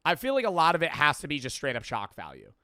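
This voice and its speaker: A man's voice: on the high side, huge pitch swings, quick pace, pushed and bright, no echo, clean studio sound. A young man streaming casual reaction commentary, rambling and sarcastic, swearing constantly.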